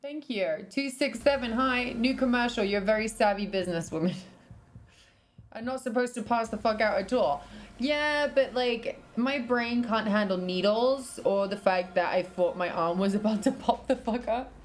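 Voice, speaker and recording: A young British woman, her accent softened by years in America, chatting casually on a livestream and reading out her chat. She giggles a lot, swears freely and coos at her dog. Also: on the high side, moderate pace, a little hiss or hum. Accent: British, partly American after years in the US. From Britain.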